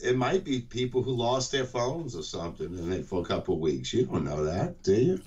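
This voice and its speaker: Husky, lively radio host. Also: male voice, lowish voice, a little fast, highs cut off. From Louisiana. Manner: enthusiastic, preachy exclamations. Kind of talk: casual radio chat.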